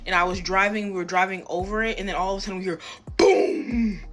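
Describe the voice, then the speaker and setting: A woman's voice: medium pitch, fairly even intonation, fast talker, a bit bright. A young woman telling a rambling, profanity-laced personal story in a casual, self-deprecating way, acting out what people said. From Tacoma, Washington area.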